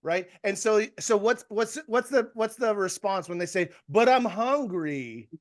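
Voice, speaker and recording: Rambling, higher-pitched male coach speaking to a group on a video call. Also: normal speed. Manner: rambling and conversational, with many restarts and fillers. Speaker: real estate coach. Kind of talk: live coaching talk to a group.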